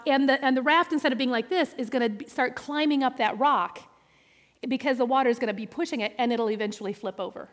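A woman telling an animated, playful story to an audience, with quick jumps into the voices of people in it. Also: high voice. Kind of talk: lively storytelling talk. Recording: long hall reverb.

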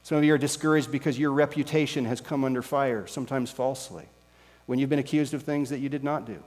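A male pastor preaching a sermon with slow, emphatic rhetorical questions. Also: mid-range voice, darkish tone. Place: church sanctuary. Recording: long reverb with mains hum.

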